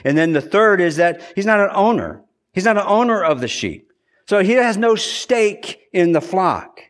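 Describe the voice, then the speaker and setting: Earnest man preaching, slightly high voice. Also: sing-song, normal speed. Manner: earnest, repeats and restarts phrases for emphasis. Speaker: pastor. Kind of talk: sermon.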